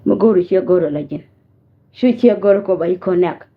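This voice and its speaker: A woman's voice: fairly low pitch, brisk. A woman from South Sudan giving a scolding message direct to camera, mixing languages and warning her listener. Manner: scolding, warning, code-switching. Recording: tinny phone-like audio.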